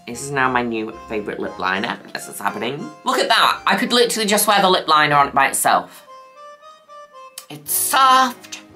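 A woman's voice: a bass voice, bright, forceful tone. A woman reviewing makeup in a casual vlog, gushing, cheeky and chatty. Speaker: makeup vlogger.

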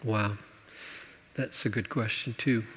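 A man preaching and answering questions in a church teaching session, animated and playful, laughing at his own jokes. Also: fairly low pitch, slow pace. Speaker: pastor. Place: church hall. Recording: church hall reverb.

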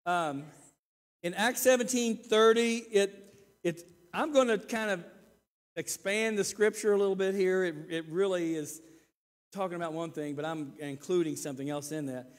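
A man in his sixties preaching a sermon, earnest and repeating words, swinging between loud emphasis and quiet asides. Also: sits high, moderate pace. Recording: reverberant church hall.

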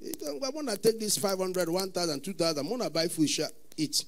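A man with a Nigerian accent preaching a sermon as pastor, often breaking into sudden shouts. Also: high-pitched, very animated, fairly quick.

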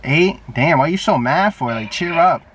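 Young new guy on a phone video chat, brash and cussing a lot, kinda high voice, sounds far from the mic. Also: expressive, moderate pace, a bit bright, husky. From New York. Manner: brash, profane, teasing. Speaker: YouTuber. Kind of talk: casual video chat with strangers. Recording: distant phone mic, faint background noise.

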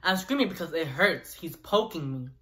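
Bright-voiced young man telling a story. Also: a little high, normal speed. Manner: animated chatty storytelling with asides to viewers. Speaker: vlogger. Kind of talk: storytime vlog.

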